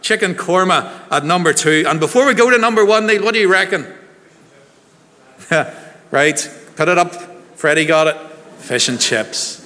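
Minister, fairly high voice, playful, quizzing his flock, in a reverberant church. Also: animated, normal speed, long pauses, sharp tone. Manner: chatty, jokey, quizzing the congregation. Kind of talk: harvest service sermon.

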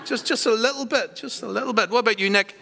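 High-voiced pastor, church echo. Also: male voice, fast talker, creaky. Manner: warm, teasing, quizzes children. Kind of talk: children's talk in a church service. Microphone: handheld microphone passed around. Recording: long church reverb.

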